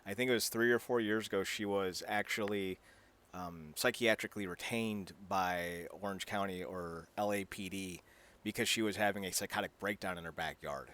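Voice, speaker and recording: A man co-hosting a podcast, chatting casually and rambling with lively energy, laughing at his own jokes. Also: deep voice, moderate pace. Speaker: podcast co-host. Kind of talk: casual chat.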